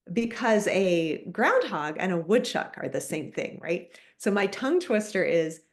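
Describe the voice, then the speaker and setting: A middle-aged woman, a children's book author and former teacher, answering interview questions in a chatty, storytelling way. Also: medium pitch. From United States.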